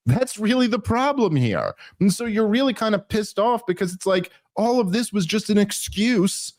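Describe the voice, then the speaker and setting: A man hosting a political podcast, talking in an animated, indignant way and often restarting his sentences. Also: high-pitched, dry recording, studio quality. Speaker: podcast host. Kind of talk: political commentary chat.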